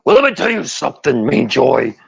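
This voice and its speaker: A man's voice: medium pitch, big pitch swings, a little fast, vocal fry, husky, no room sound, full character voice. A man impersonating a boastful, muscle-bound male wrestling star giving a hyped promo and calling people brother.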